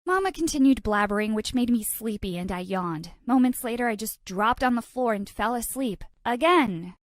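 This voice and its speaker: A woman's voice: a little high, lively intonation, normal speed, dry recording, clean studio sound. Sassy, dramatic woman storytelling. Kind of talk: animated storytime narration.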